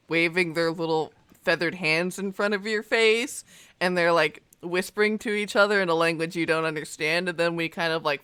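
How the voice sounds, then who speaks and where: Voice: medium pitch, pushed and bright, clean tone. A game master narrating a tabletop game in a casual, hesitant way with many fillers.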